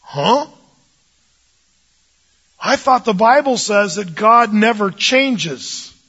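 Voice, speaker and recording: Animated, jokey man teaching the Bible. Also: high-pitched, very slow, breathy edge, highs cut off. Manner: animated, jokey, acts out voices of biblical figures.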